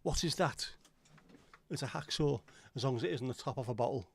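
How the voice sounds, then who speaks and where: A man's voice: mid-range voice, fast, vocal fry, darkish tone, slight background noise. A middle-aged man hosting a casual livestream, rambling, swearing now and then and answering chat comments. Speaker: livestream host.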